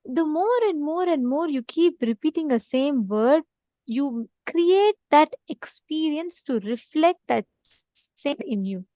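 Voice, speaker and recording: A woman's voice: high-pitched, lively intonation, slow pace, warm tone, dry recording. A woman giving an online spiritual teaching, earnest and repeating key points, now and then asking listeners to respond. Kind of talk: online teaching session with a story.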